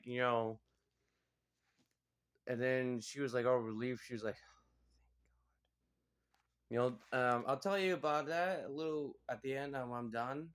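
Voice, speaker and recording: A man's voice: mid-range voice, smooth. A man giving a casual spoken movie review, rambling and filling his sentences with "like" and "you know.".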